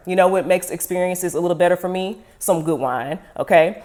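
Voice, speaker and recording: Playful woman vlogger, low-ish voice, casual and chatty. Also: fairly even intonation, a little fast, few pauses, a little mellow. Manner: chatty, playful, self-teasing. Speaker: wine vlogger. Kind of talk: casual unboxing and tasting chat.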